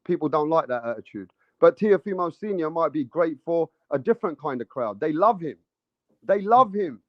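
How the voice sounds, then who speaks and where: A man's voice: on the high side, lively intonation, moderate pace, no echo. A man from East London with an East London accent, co-hosting a boxing podcast in a blunt, swearing, casual way. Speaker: podcast co-host. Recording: dry, dull lo-fi sound.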